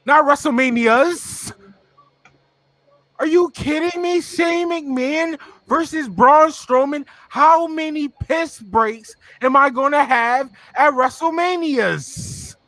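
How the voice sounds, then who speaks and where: A man co-hosting a casual wrestling talk show, ranting animatedly and often shouting. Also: very high voice, slow, few pauses, dry recording. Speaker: podcast co-host.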